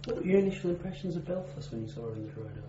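A man interviews a veteran, asking probing questions at a brisk pace. His voice sounds roomy and muffled. A steady hum runs clearly behind him. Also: on the high side. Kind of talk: oral history interview. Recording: echoey, muffled, humming recording.

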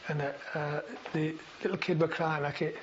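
A man's voice: fairly high pitch, flat delivery, normal speed. Older man recalling, with fillers. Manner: rambling, frequent fillers and restarts. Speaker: veteran interviewee. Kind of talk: oral history recollection. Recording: dull lo-fi recording with faint hiss.

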